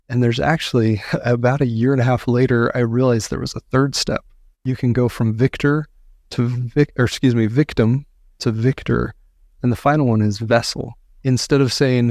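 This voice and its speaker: A man's voice: medium pitch, a little mellow, no echo, clean studio sound. A man speaking as an author and podcast guest, telling his story earnestly and repeating phrases for emphasis.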